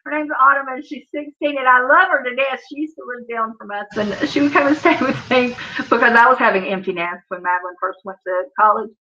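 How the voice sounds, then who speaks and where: A woman's voice: a little high, brisk, sharp tone. A woman, chatting casually on a live stream, reading comments and telling funny family stories with frequent laughter. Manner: laughs often, storytelling, says "Oh, Lord". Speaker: livestream host. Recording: dull lo-fi stream audio.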